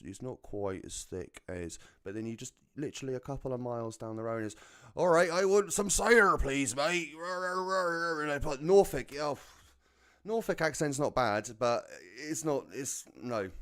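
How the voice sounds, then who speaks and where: A man's voice: mid-range voice, normal speed. A British man with a neutral British accent, chatting casually while streaming a racing game, swearing freely and laughing at his own jokes. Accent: neutral British English. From United Kingdom. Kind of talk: casual chat while gaming.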